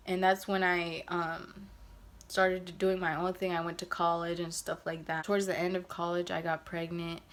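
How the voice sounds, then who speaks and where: A woman in her twenties recounting a personal story in a loose, conversational way. Her voice sits on the low side, and she keeps dropping in fillers and acting out quoted asides. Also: a bit bright. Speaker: vlogger. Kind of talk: casual storytime.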